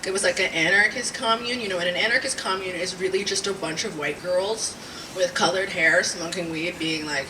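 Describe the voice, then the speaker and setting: A woman in her twenties or thirties doing a stand-up comedy set, rambling and animated, swearing and laughing at her own jokes. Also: on the low side, fairly quick. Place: small live comedy venue. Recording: distant mic with audible room noise.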